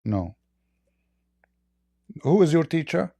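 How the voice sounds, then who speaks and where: Gravelly man pressing hard in a debate. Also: on the high side, sing-song, takes it slowly, dark tone, dry recording, studio quality. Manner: challenging, mocking, talks over the other. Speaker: debate host. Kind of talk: heated religious debate.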